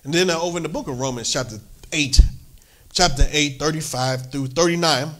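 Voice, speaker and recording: A man's voice: a little high, a little fast, sharp tone. A man preaching a sermon as pastor, emphatic, peppering his talk with "amen" and lifting his voice when he reads scripture aloud.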